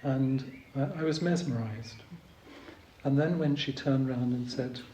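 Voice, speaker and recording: A man giving a dharma talk as a Zen teacher, hesitant with many pauses and ums, gently humorous. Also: medium pitch, slight background noise. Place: retreat meditation hall. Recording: roomy hall with faint ambience.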